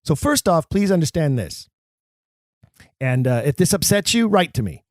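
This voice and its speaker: A podcast host with a fairly high, sing-song, darkish voice speaks at normal speed in a dry, studio-quality recording. He explains Shakespearean verse to actors emphatically, adding wry, self-mocking asides.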